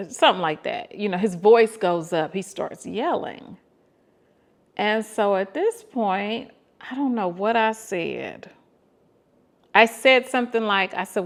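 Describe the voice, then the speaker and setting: A woman in her fifties with a Southern US accent, telling dating stories to her viewers in an animated, exasperated way, acting out bits of the dialogue. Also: fairly high pitch, measured pace. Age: 50s. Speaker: vlogger. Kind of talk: casual storytelling to viewers.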